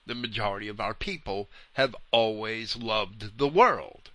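A man giving a slow, deliberate verse-by-verse Bible commentary, pushing up hard on the words he wants to stress. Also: lowish voice, very animated, sharp tone, dry recording. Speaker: preacher teaching scripture.

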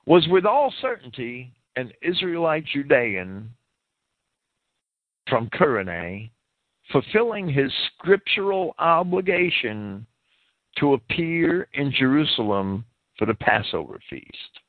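A man giving verse-by-verse scripture commentary, deliberate and careful, stopping to spell out words and their pronunciations. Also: medium pitch, big pitch swings, no echo. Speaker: Bible commentator. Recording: tinny phone-like dry audio.

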